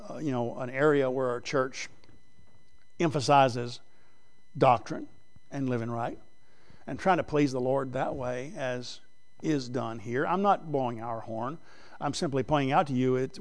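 High-voiced preacher, loud to hushed. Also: male voice. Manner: swings from loud emphatic preaching to low, quiet earnestness. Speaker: pastor. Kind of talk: sermon.

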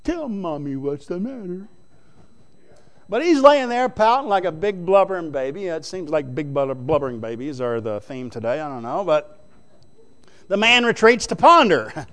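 A man preaching a sermon in an emphatic, folksy way, swinging between loud stresses and hushed asides. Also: on the high side, big pitch swings, moderate pace.

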